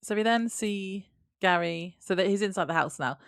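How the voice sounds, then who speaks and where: A woman's voice: mid-range voice, normal speed, creaky, smooth, dry recording, studio quality. A woman, co-hosting a podcast in casual chat, laughing often. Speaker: podcast co-host.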